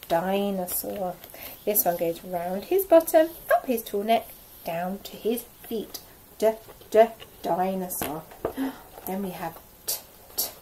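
A woman teaching a phonics lesson to nursery children, sounding out letters slowly in an exaggerated, encouraging way. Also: medium pitch, noisy background. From England. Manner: drops to a whisper now and then.

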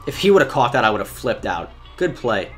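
Excitable young man narrating his football game. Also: mid-range voice, normal speed, soft background music. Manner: excitable, swings from loud outbursts to muttered self-criticism. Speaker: gaming YouTuber. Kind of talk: live gameplay commentary.

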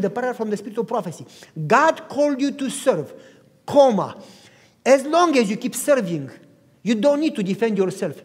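A male pastor preaching with a lively, animated delivery, his pitch swinging up and down as he acts out the dialogue. His voice rings with a long hall reverb. He moves between loud exclamations and quiet, hushed lines. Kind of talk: sermon storytelling.

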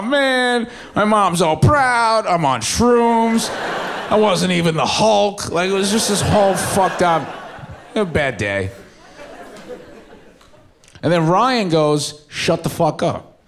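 Over slight background noise and audience laughter, a young man with a medium-pitched voice performs stand-up. He's a New Yorker from Staten Island with the accent to match, telling a story and mimicking his friends.

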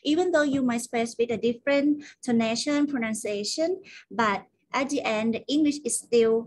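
A woman's voice: on the high side, a little fast, a little mellow. A woman with a Thai accent hosting a casual online talk, chatting in English with many fillers and Thai phrases mixed in. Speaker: host.

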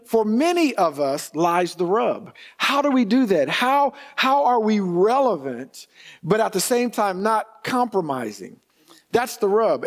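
A middle-aged male pastor preaching a conversational sermon, restarting phrases as he goes. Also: high voice.

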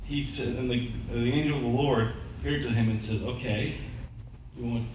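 Recorded from a distance in a very echoey church hall, a preacher tells his sermon as a story and voices the lines of its characters. His medium-pitched voice is a little mellow, with fairly even intonation and normal speed. The sound is dull, with faint room noise in the background.

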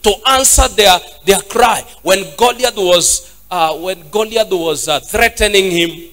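A man preaches as pastor in a very high voice. He repeats his lines and swings into a sing-song preaching cadence. Faint music plays behind him. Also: unhurried, bright, forceful tone. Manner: repetitive, rising into sung preaching cadence. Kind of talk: sermon.

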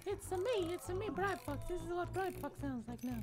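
A man voicing a squeaky cartoon mouse with a mock Italian accent, playfully mimicking a viewer from his chat. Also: expressive, brisk, noisy background.

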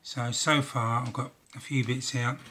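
A man's voice: mid-range voice, flat delivery, measured pace, pushed and bright, slight background noise. An older man chatting casually as he narrates building a model railway kit, rambling and self-deprecating.

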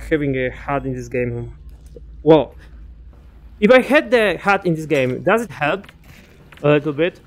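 A man's voice: fairly high pitch, a little hiss or hum. A young man giving casual let's-play commentary, chatting to enemies and muttering asides to himself. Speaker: gaming commentator.

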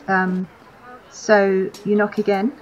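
A woman narrating a tabletop game as game master, in an unhurried way with many fillers, on a dull lo-fi recording. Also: medium pitch, level tone.

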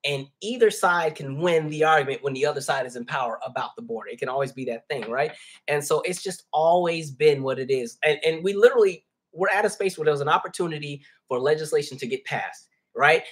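Husky guy on a livestream, chatty and loose, talking to chat like friends. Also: on the high side, fairly quick. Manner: conversational, addresses viewers as y'all. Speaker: livestream host reading chat. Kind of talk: casual chat.

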